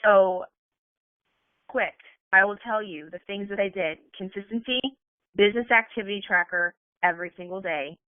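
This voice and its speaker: A woman's voice: medium pitch, dry recording. Woman, earnest coach rallying her team on a phone call; tinny, dry line. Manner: earnest, fast, peppered with "like". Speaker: team coach giving a talk. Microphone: phone on a conference call.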